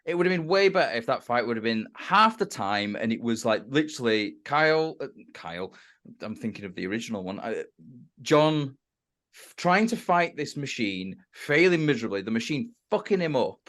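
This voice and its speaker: A man's voice: medium pitch, sing-song, a bit bright. A man co-hosting a casual movie podcast, joking and swearing freely. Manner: swearing, quick jokes. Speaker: podcast co-host. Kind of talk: casual movie review chat.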